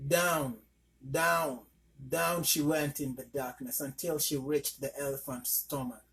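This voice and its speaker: A man's voice: on the high side, fairly even intonation, slow, a bit bright. A man narrating a folk tale, reading steadily with small slips. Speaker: storyteller.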